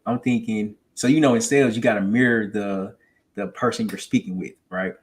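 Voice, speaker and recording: A man in his twenties with a Southern accent, a real estate salesman chatting casually and telling an animated story, often repeating words as he gets going. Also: on the low side, fairly quick. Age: 20s. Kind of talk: casual conversation.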